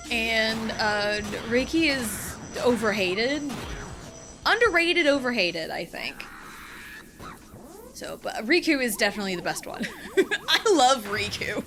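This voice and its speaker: Giggly high-voiced woman streamer. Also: animated, measured pace, pauses often, bright, forceful tone. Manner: chatty, giggly, gushing about game characters. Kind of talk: casual gaming livestream chat. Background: game music.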